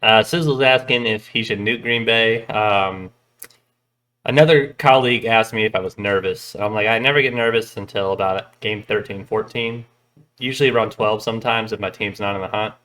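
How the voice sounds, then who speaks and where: A man's voice: lowish voice, moderate pace, pushed and bright. A young man co-hosting a podcast, joking in casual chat and slipping into quoted voices. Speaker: podcast co-host.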